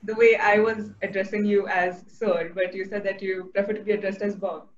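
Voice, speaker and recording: A woman's voice: mid-range voice, little pitch movement, moderate pace, reverberant, dull audio, slight background noise. A woman hosting a podcast, asking questions with many hesitant fillers. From India. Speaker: podcast host. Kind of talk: interviewer questions.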